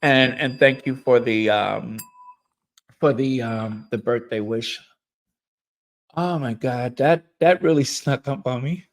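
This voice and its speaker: A man hosting a live stream, slowly reading member messages and thanking them, and he gets openly emotional and effusive. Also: medium pitch. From United States.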